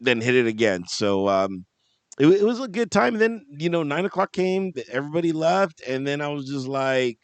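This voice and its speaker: Lively, chatty man telling a rambling story. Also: a little high, normal speed, no room sound. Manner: rambling, laughs often, swears casually. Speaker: podcast co-host. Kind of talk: casual chat.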